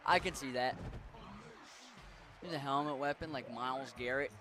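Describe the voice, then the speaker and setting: A man's voice: medium pitch, moderate pace, long pauses, noisy background. A young man from Western Maryland with a mixed Appalachian accent, chatting casually with his viewers while gaming, rambling and swearing freely. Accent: Western Maryland, Appalachian mix. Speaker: game streamer.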